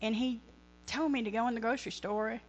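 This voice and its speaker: A woman's voice: on the high side, fairly even intonation, brisk, a little hiss or hum. A middle-aged woman sharing a church testimony, earnest and rambling, often correcting herself. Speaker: ministry speaker.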